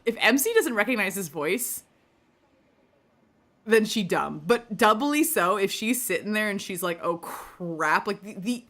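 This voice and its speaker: A woman streamer giving casual play-through commentary, reading game text aloud and chatting in quick, animated asides. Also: medium pitch. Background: faint game music.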